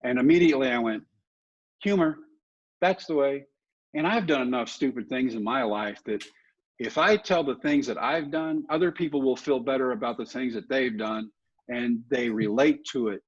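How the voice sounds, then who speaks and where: A man in his fifties, a podcast guest and motivational speaker, telling lively, self-deprecating stories. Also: medium pitch, a little fast, breathy edge. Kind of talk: storytelling in a podcast interview. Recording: dull, muffled audio.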